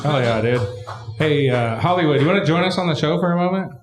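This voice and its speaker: A man hosting a live comedy podcast, reacting with excitable, profane exclamations. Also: a little high, quick pace, roomy sound, music in the background. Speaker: host.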